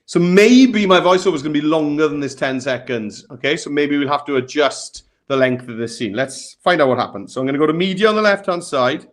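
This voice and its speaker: A British man with a slightly high voice leads a live tutorial in a chatty, upbeat way. He walks through each step plainly, as if teaching a class. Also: brisk, few pauses. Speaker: host tutor.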